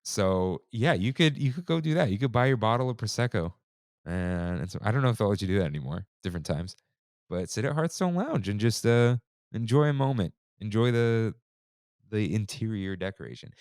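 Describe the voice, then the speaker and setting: A laid-back man in his thirties chats easily as a podcast host, full of slang. His voice sits low but swings widely in pitch, and the recording is close and dry. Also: big pitch swings, a little fast, a little mellow, no echo. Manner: laid-back, slangy, says "dude" and "like" often. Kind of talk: casual chat.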